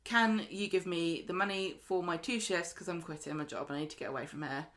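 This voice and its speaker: A podcast co-host recaps episodes in casual chat, reading plot notes aloud and laughing easily. Her voice is lowish, a bit bright, and fairly quick.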